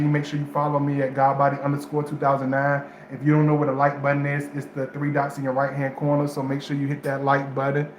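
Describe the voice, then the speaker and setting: A man talks to his viewers about love and star signs in loose, casual vernacular speech. He trips over his words and starts sentences again. His slightly raised voice rings around an echoey room, with a faint steady noise in the background. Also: on the high side. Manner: loose, rambling, repeats himself with restarts; African American Vernacular English grammar. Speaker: astrology vlogger. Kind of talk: casual direct-to-camera chat.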